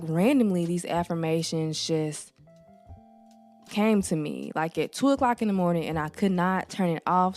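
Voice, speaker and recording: A woman with a low, mellow voice hosts her podcast, still carrying her morning voice. She talks calmly and unhurriedly, drawing out her phrases, with soft music playing faintly behind her. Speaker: podcast host. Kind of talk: soft-spoken affirmation talk.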